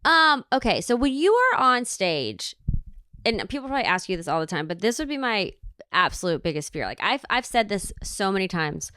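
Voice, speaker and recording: A middle-aged woman hosting a podcast, chatty and quick to react and agree. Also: medium pitch, big pitch swings, pushed and bright, clear, resonant tone, no echo, clean studio sound. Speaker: podcast host. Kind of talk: casual interview chat.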